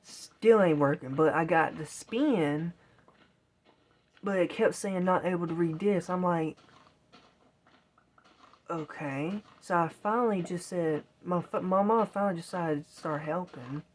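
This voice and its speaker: A woman vlogger tells a long, casual story while gaming, rambling and exasperated as she quotes her own reactions. Her voice is lowish and darkish, delivered at a measured pace.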